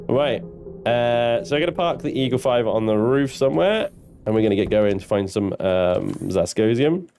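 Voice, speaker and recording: A man's voice: mid-range voice, lively intonation, normal speed, darkish tone, faint music behind. A man streaming a space game live, chatting loosely with his viewers and swearing now and then. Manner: chatty, swearing, banters with chat. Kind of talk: live gameplay commentary.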